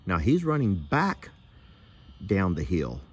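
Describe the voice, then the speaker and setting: A man's voice: deep voice, huge pitch swings, takes it slowly, breathy edge. A man talking through a casual farm vlog outdoors, chatting with his animals. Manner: chatty, talks softly to the animals. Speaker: farm vlogger.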